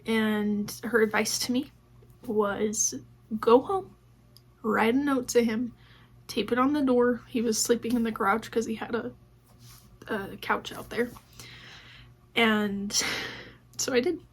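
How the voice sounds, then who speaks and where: A woman vlogger with a husky, fairly high voice talks steadily at a measured pace, leaving long pauses. Her casual personal storytelling includes acted-out dialogue thick with "like."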